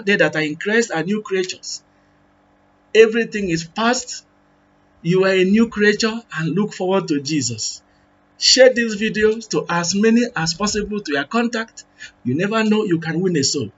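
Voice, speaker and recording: A man's voice: sits high, normal speed, lo-fi sound. A man preaching a sermon and leading a prayer, fervent and repetitive in his appeals.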